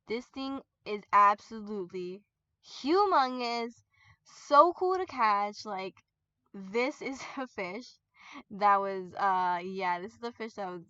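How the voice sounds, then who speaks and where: A woman with a fairly high voice chats casually over her gameplay, rambling and laughing as she gets excited. The sound is dry and a little muffled, like a basic home microphone. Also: dry recording. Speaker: gaming YouTuber.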